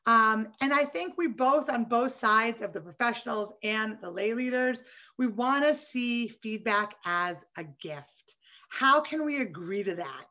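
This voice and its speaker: A woman with a fairly high voice leads a workshop over a video call, chatty and encouraging, checking in with her listeners as she goes. The sound is a bit dull and lo-fi, like a call recording. Her tone stays friendly and practical. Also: expressive, measured pace, bright, forceful tone. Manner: conversational, encouraging, frequent "right?" and "you know". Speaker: workshop facilitator. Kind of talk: online workshop presentation.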